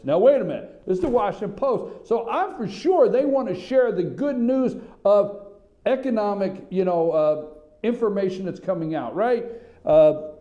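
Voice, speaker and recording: A man's voice: high-pitched, lively intonation, moderate pace, mellow, lo-fi sound. A man hosting a political talk radio show from a small studio, rambling, worked up and sarcastic as he riffs.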